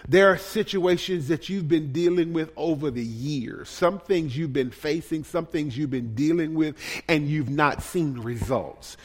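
A man preaching a sermon as a pastor, pleading and impassioned, dropping to a hush and then rising to shouts. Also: fairly high pitch, a little slow. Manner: impassioned, pleading, swinging between hushed and shouted. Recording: long reverb of a large hall.

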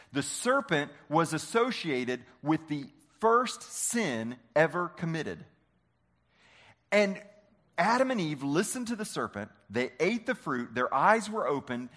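Animated male preacher with a lively pitch. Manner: animated, asks the congregation questions. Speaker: pastor. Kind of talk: sermon.

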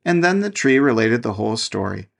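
A man reading a fairy tale aloud as a podcast host, in measured storybook narration. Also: medium pitch, big pitch swings, vocal fry.

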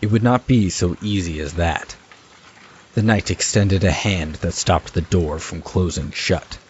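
A man giving steady, scripted story narration. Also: sits low, a little slow, a little hiss or hum. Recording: dull lo-fi recording.

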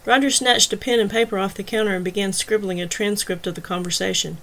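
A woman narrating a crime novel as an audiobook in a steady, even storytelling manner. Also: mid-range voice, fast. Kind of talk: scripted narration.

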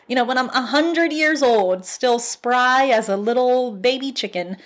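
Woman in her thirties, podcast host, excited motivational talk, laughs a lot, at home. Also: high voice, unhurried, hardly any pauses. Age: 30s. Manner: animated, laughs often, gets fired up. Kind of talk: casual motivational monologue. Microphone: phone.

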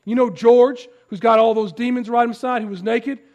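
Man doing an agitated herdsman in a sermon, pitched well up and loud, excited, breathless. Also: brisk. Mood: indignant. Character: agitated male herdsman spreading news in town.

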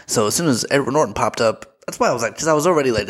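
A man's voice: mid-range voice, lively intonation, rapid-fire, few pauses. A man with an American accent hosting a podcast, talking in a casual, rambling monologue full of fillers and offhand swearing. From United States. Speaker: podcast host.

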